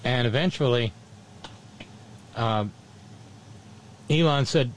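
A man hosting a commentary show, blunt and biting, with plenty of sarcasm. His pitch sits in a middling range for a man. He speaks casually and swears freely. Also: sing-song, moderate pace, pauses often. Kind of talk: political commentary.

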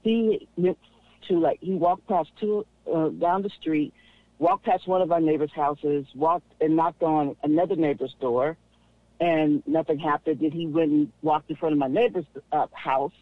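A man calling in over a tinny, dry phone line, his voice sitting fairly high. He talks in a chatty, rambling way, laughing easily as he tells his story. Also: fairly even intonation, a little slow, no room sound. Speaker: caller. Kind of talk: casual call-in chat.

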